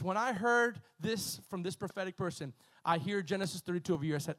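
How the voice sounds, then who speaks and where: Preaching with a high-pitched, fast voice, this pastor retells a story in a lively, chatty manner, repeating himself often and tossing asides to the congregation.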